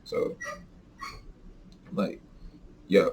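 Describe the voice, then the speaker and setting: A man hosting a podcast, telling a story in a casual, profane, animated rant. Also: extremely slow. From American South. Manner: animated, profane, swings into high exaggerated quoted voices. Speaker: podcast host.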